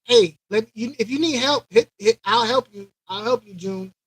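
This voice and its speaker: A man's voice: very high-pitched, moderate pace, gravelly, breathy edge, no echo, poor audio. A man from Brooklyn hosting a live aquarium chat, telling a childhood story casually with lots of repetition and playful sound effects. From Brooklyn, New York. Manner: animated, repeats himself, imitates record scratching. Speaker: aquarium channel host.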